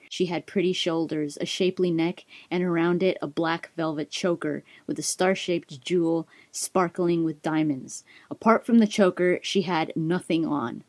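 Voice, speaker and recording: Enthusiastic woman gaming host with a low voice, casually retelling a fantasy story; dry recording. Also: a little mellow, dry recording. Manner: chatty, giggly, enthusiastic.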